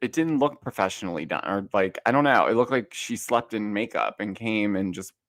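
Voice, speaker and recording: A man guesting on a casual chat, recapping a reality show in an animated, catty, emphatic way. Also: fairly low pitch, fairly quick, dry recording. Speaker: guest co-host.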